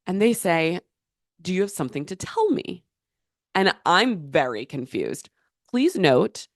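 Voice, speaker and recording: A woman's voice: low voice, dry recording, clean studio sound. A young woman hosting a podcast, telling a story in a chatty, casual way, full of filler words and swearing. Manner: chatty, swears freely, many filler likes. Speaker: podcast host.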